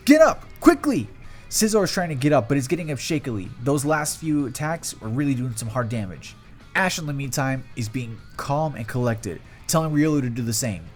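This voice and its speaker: A young man narrating a fan story in a loose, conversational play-by-play with run-on phrasing. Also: medium pitch. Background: faint guitar music.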